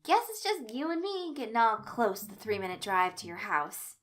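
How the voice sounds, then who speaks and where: A woman's voice: on the high side, sing-song, moderate pace, fairly bright tone. A woman reading the part of a cocky, teasing teenage boy in a fan fiction reading.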